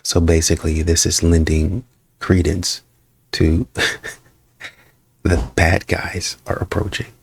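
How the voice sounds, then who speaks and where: Deep gravelly-voiced man commenting bluntly. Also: level tone, slow, pauses often, no echo. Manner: blunt, mocking, chuckling asides. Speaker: reaction video host. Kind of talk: casual commentary.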